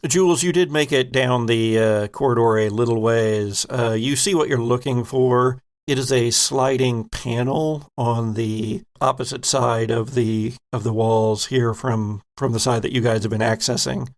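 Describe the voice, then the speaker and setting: A man runs a tabletop horror game as its game master. His voice has a gravelly edge, and he talks haltingly, correcting himself mid-sentence. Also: medium pitch, fairly even intonation. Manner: halting, with many restarts and self-corrections.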